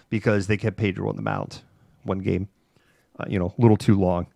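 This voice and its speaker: Middle-aged man, talk show host, animated storyteller, laughs between phrases, lots of fillers, lowish voice, dry sound. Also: fairly quick, creaky, no room sound. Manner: animated, laughs while talking, many fillers. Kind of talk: casual chat, anecdotal storytelling.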